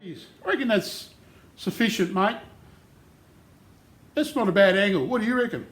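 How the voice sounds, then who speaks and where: A man's voice: sits high, expressive, moderate pace, a bit bright, soft background music. A man, bantering cockily as a novice woodworker in a workshop shed. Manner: cocky, joking, slangy. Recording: roomy echo.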